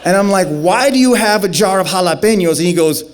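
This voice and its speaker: A young man tells a personal story to a festival crowd from the stage. His voice sits a little on the high side. He acts out every exchange with lively, animated swings and climbs into excited shouts when the story peaks. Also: fairly quick.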